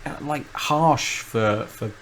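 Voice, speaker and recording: A man's voice: medium pitch, slow pace, a bit bright, a little hiss or hum, low-quality recording. A man, co-host of a podcast, in casual chat, rambling and thinking aloud with many restarts.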